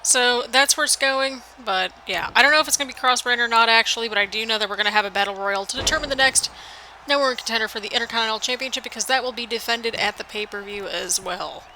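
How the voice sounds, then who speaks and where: A woman's voice: fairly high pitch, fast, bright, forceful tone, slight background noise, rough recording. An American woman with a mixed northern, midwestern and southern accent, giving chatty, rambling play-by-play commentary over a video game. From United States. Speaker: gaming channel host.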